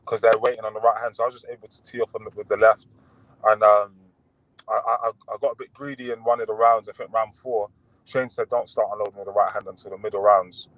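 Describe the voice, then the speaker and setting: A young man, a boxer talking casually as an interview guest over a video call, relaxed and rambling with lots of fillers and restarts. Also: on the low side, fast talker, no echo, low-quality recording.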